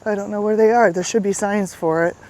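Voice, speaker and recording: A woman's voice: medium pitch, steady tone, fairly quick, a little mellow. Chatty woman vlogging on a walk. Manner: chatty, repeats itself, asks "right?". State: slightly out of breath from walking. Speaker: fitness coach and vlog host. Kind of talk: casual vlog talk while walking. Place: outdoor riverside walking path. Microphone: handheld camera while walking.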